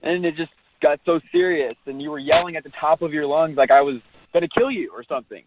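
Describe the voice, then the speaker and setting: Man, radio caller, defensive, laughs things off, slightly high voice, dull phone line. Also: fast, slight background noise.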